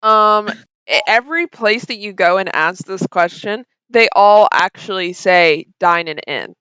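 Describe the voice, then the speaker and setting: A woman leading a tabletop game as its game master, her voice smooth and clear. She hesitates often, and the recording is close and dry. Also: medium pitch, unhurried, pushed and bright, dry recording, poor audio. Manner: hesitant, lots of ums.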